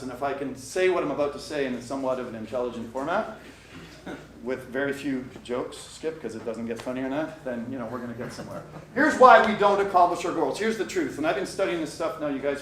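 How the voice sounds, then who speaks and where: A middle-aged man giving a motivational workshop talk to a live audience, animated and addressing the crowd directly. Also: on the high side. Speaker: coach and workshop speaker. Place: conference room with live audience. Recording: echoey room, distant mic, faint noise.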